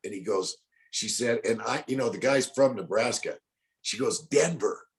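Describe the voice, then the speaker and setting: In a casual interview, a man in his sixties with a drawl tells folksy tales, performing the lines of the people in them. He talks at a moderate pace in a lowish voice.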